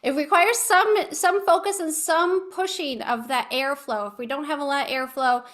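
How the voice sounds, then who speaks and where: A woman with a high, bright, sharp-edged voice gives an online talk as a speech therapist. She speaks over a video call and walks her listeners step by step through exercises. She stays patient and instructive throughout. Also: normal speed. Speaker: speech-language pathologist. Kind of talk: online educational presentation.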